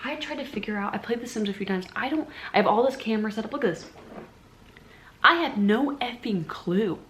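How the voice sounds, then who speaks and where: A young woman telling a casual storytime vlog, animated and profane, often talking straight to her viewers. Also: on the high side, a little fast, slight background noise. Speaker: vlogger.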